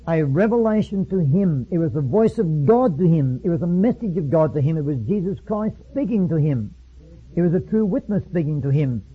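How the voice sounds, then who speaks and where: A man preaching a sermon, reading passages aloud slowly and solemnly, then explaining in his own words with some restarts. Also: a little high, breathy edge. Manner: reads slowly and solemnly, then speaks freely with repeats. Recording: phone-like lo-fi line.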